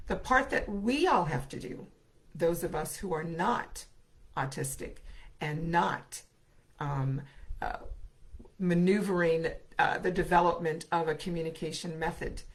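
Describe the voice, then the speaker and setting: Earnest middle-aged woman talking to parents about autism, expressive, lots of "right?". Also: medium pitch. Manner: earnest, expressive, asks listeners "right?" often. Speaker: autism specialist and speech therapist. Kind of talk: presentation to parents.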